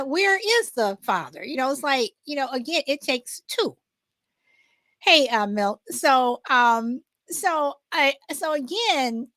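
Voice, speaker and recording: A woman's voice: sits high, fairly bright tone, no room sound. A woman hosting a casual live chat with viewers, greeting them by name, laughing often and restarting her sentences with many fillers. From Southern California. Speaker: livestream host.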